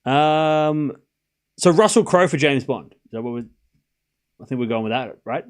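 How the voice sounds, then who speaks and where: A young man calls tennis points on a casual live stream, wandering into jokey tangents with his chat between rallies. He talks at an ordinary middle pitch, loose and unscripted, with a bit of swearing. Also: normal speed, clean tone.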